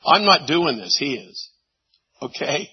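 A man preaching a sermon, animated, swinging from loud exclamations to hushed asides. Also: on the high side, unhurried, slightly rough, highs cut off. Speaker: pastor.

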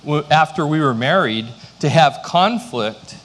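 A man's voice: on the high side, animated, measured pace, a bit bright, long reverb tail. A middle-aged man, a pastor, preaching a sermon with storytelling and self-deprecating humor.

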